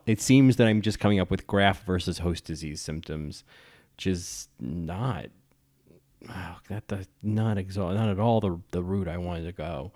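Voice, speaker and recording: A man hosts a casual podcast and talks about a film he loves. His voice sits a little low. He is effusive and rambling, and he keeps restarting his sentences. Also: a little mellow. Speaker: podcast host.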